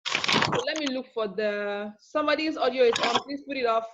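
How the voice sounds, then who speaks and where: A woman's voice: on the high side, normal speed, heavy background noise. A woman teaching a live online class, chatty and teasing, checking in often with "okay?". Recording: dull lo-fi.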